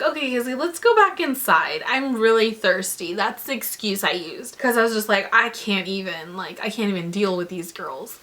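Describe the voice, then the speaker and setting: A young woman vlogger telling a story to her viewers in a casual storytime vlog, animated and full of "like". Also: on the high side. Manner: animated, filler-heavy retelling with lots of "like".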